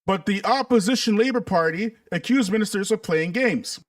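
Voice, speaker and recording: High-voiced sarcastic male commentator. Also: normal speed, distant mic. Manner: sarcastic, mocking, conversational. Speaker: political commentator. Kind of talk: commentary stream to viewers.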